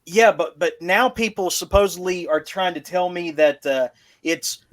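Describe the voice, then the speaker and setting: A man's voice: on the high side, unhurried. A man co-hosting a casual podcast chat, rambling with restarts and wry asides. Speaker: podcast co-host.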